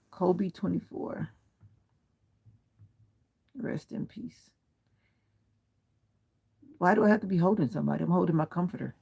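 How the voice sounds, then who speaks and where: A man with a high, gravelly, husky voice hosts a casual livestream from home, lying back against a pillow under a comforter. He speaks unhurriedly with long pauses, answering viewer comments one at a time and staying firm but polite about keeping the language clean. The audio sounds dull.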